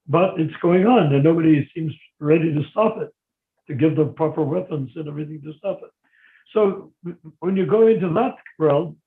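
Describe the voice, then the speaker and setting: A man raised in America, answering a question at length in a live Q&A, telling history in a rambling, discursive way. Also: a little high. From United States. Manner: discursive, digressive storyteller. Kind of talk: live Q&A, long explanatory answers. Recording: tinny phone-like line in an echoey room.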